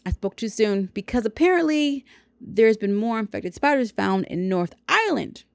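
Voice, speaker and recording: A woman's voice: fairly high pitch, sing-song, moderate pace, vocal fry. Sarcastic woman podcast host. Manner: sarcastic, wry commentary. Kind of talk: reading news with sarcastic asides.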